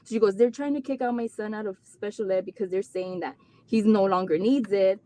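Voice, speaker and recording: Talking a little fast in a mellow, medium-pitched voice, a guest mother of an autistic child recounts her own story casually. She is earnest and chatty, performing the dialogue she quotes amid lots of fillers and restarts, and now and then verges on tears.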